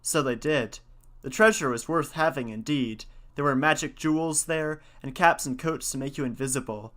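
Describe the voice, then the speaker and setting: Male podcast host; bright, lively storyteller with a conversational aside. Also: mid-range voice, moderate pace. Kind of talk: storytelling and casual commentary.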